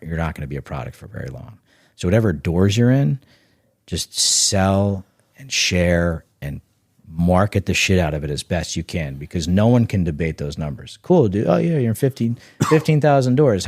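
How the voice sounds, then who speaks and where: A man's voice: deep voice, no room sound, clean studio sound. A man talking casually as a podcast guest, emphatic, often restarting and repeating words, and swearing casually. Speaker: guest, snack bar founder.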